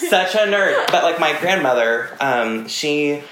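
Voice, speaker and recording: A young man chatting as a podcast guest, telling animated stories with lots of fillers and laughs. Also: fairly high pitch, a little slow. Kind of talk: casual chat. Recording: roomy echo.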